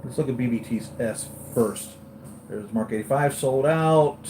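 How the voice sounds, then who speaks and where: A man hosting a live toy unboxing, gushing and excitable, often repeating himself. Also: mid-range voice, unhurried, background noise. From United States. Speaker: toy collector vlogger.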